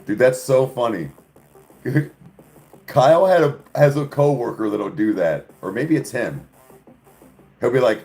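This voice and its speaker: A man's voice: mid-range voice, expressive, normal speed, gravelly, long pauses, darkish tone, soft background music. A man hosting a casual podcast chat, rambling in a crude, joking way and laughing often. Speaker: podcast host. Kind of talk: casual chat answering viewers.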